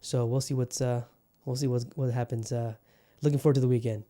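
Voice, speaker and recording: Swearing podcast host with a put-on Southern drawl. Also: male voice, mid-range voice, fairly even intonation, a little fast, mellow. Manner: profane, rambling, fired up. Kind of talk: casual solo podcast monologue.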